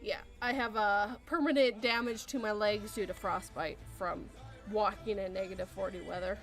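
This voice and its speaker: A woman's voice: medium pitch, steady tone, moderate pace, over music. A Canadian woman hosting a casual podcast chat, rambling through explanations and laughing often. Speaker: podcast host.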